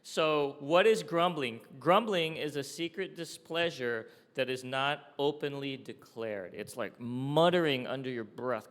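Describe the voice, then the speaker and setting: A man preaches in an easy, conversational way, pausing to ask his listeners "okay?" and "right?". His voice sits at an ordinary middle pitch. It rings out in a large hall with a long tail of reverb. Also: fairly bright tone. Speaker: pastor. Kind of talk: sermon.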